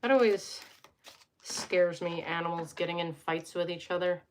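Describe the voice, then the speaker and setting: A woman's voice: on the low side, moderate pace, a little hiss or hum. A young woman hosting a casual live stream from home, reading tarot cards and chatting with viewers, joking and wandering off into asides.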